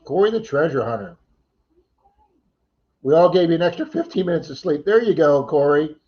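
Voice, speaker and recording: A slightly high-voiced man keeps his casual livestream lively, reading comments and thanking viewers by name between easy laughs. He talks at a moderate pace, and the audio's highs are cut off.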